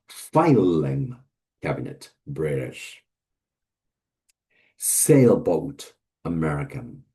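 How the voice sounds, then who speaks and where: A man's voice: rumbling low, dark tone. A man giving a casual vocabulary lesson, hesitant with many fillers as he lists word pairs one by one. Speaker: English teacher.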